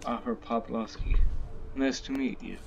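A man's voice: mid-range voice, a little slow, creaky. A man voicing a friendly male skeleton adventurer in a video game, reading the lines plainly, with game music behind. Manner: plain, reading dialogue aloud.

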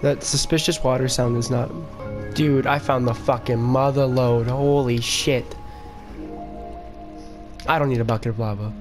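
Man swearing through slow game commentary. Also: medium pitch, over music. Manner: excitable, cursing outbursts. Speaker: gaming video creator. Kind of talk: casual gameplay commentary.

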